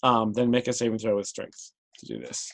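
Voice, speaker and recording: A man running a tabletop game as game master, thinking aloud and pausing on many ums as he talks. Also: on the low side, very animated, vocal fry, a little hiss or hum, poor audio.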